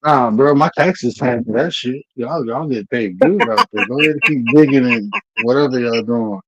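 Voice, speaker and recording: A man's voice: mid-range voice, normal speed, dull audio, background noise. A man hosting a casual livestream chat, talking bluntly and profanely with a lot of "bro" and a Black style. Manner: blunt, profane trash talk, repeatedly says bro. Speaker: livestream host.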